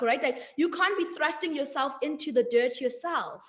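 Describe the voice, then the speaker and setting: A woman's voice: sits high, highs cut off. A young woman giving a reflective motivational talk in a webinar. She draws out her phrases and keeps checking in with "right?" and "like". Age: young adult. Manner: measured, drawn-out phrasing, frequent "like" and "right?". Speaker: webinar speaker.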